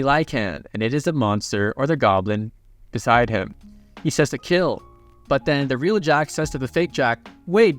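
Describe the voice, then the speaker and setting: A man narrating a comic recap in a casual, offhand way, reading the characters' quotes in his own voice. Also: mid-range voice.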